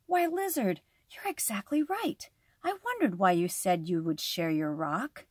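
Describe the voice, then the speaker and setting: A woman's voice: fairly high pitch, animated, moderate pace, breathy edge, no room sound, studio quality, pitched above the performer's own voice. Brief: an irritable snake for a storybook, grumbling, read by a woman. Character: annoyed hissing male desert snake. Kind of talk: storybook reading.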